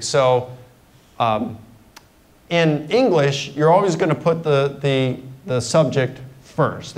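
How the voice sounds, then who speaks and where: In a lecture hall, a middle-aged man gives a conversational university guest lecture, explaining his points through simple examples. He has a mid-range voice, and the recording is low quality.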